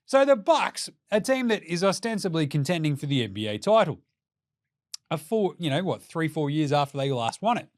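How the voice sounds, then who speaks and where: A man's voice: on the high side, very animated, moderate pace, no room sound, clean studio sound. A young Australian man hosting a podcast, giving a mocking, sweary rant of casual commentary. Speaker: podcast host.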